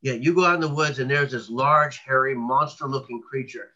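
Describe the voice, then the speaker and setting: Rambling bright-voiced man, lo-fi sound. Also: mid-range voice, fairly quick. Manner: rambling storyteller with many restarts and fillers. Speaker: cryptid researcher guest. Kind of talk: casual interview talk.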